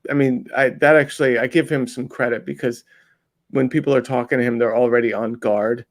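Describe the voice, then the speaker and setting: A man with a gravelly, creaky voice talks as a guest on a casual interview show. He rambles and restarts often, acting out the people he is describing. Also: medium pitch, steady tone, fairly quick. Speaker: interview guest, undercover video maker.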